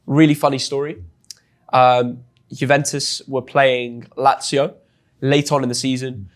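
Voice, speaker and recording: A young man from England with an English accent, telling a story as a guest in an interview with lively, chatty energy and frequent restarts. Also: medium pitch, measured pace. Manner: chatty and animated, often restarts words. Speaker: guest, football influencer.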